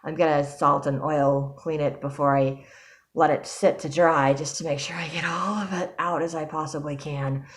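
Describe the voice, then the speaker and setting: A woman's voice: deep voice, fairly even intonation, normal speed. A young adult woman talking casually in a personal vlog, rambling with frequent ums and restarts. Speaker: vlogger.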